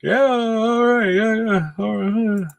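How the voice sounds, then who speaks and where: A man doing a raised-pitch impression of a laid-back male artist friend who passes jobs along. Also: fairly even intonation, slow, creaky, heavily acted. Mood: drawled. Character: easygoing male artist friend passing on work.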